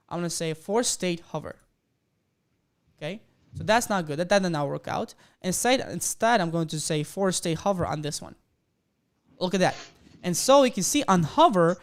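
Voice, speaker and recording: Man, live coding lesson, excitable, hypes viewers, explains step by step. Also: high-pitched, normal speed. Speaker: coding instructor.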